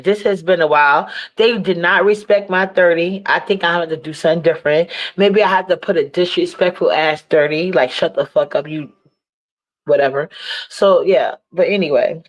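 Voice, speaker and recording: A woman's voice: fairly low pitch, moderate pace, dull audio. A woman hosting a live stream, chatting loosely and rambling as she wraps up. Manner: rambling, loose and wrapping up, with fillers. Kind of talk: casual chat.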